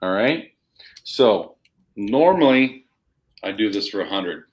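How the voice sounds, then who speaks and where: A man's voice: fairly low pitch, big pitch swings, takes it slowly. Hyped comic-selling salesman. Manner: hyped, emphatic salesman patter. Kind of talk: live shopping show sales pitch.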